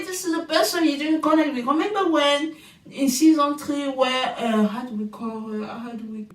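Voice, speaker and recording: An animated woman recapping a reality show in a casual chat, with lots of exclamations and rhetorical questions. Her voice sits a little high. She sounds set back from the mic in a roomy, echoey space. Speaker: TV show reviewer. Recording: echoey room, distant mic.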